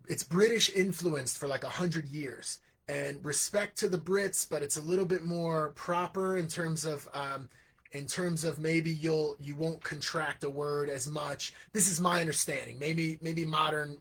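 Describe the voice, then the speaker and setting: A man's voice: a little high, a bit bright, slightly rough. A man, a teacher by trade, talking casually on a livestream, rambling and repeating words as he works out his point, now and then mimicking voices for examples. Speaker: host, educator. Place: lives in Hong Kong.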